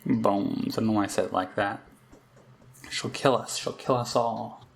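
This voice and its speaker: A man reading aloud the lines of a frantic young girl who says her demonic double is hunting her, in a rushed, pleading way. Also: lowish voice, fairly even intonation, creaky, a little hiss or hum. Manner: pleading, rushed, half-hysterical. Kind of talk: reading game dialogue aloud.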